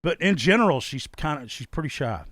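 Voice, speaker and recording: A man's voice: fairly high pitch, animated, brisk, fairly bright tone, no echo. A man co-hosting a podcast, telling a story in casual chat, swearing a lot and laughing often. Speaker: podcast co-host.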